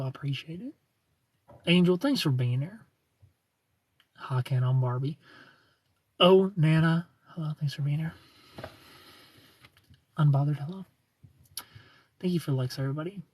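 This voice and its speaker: A man's voice: a little high, moderate pace, long pauses, darkish tone, husky, no echo. A young man from the United States with a Southern accent, hosting a casual livestream and playfully greeting viewers by name. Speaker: livestream host. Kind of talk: casual chat with live viewers.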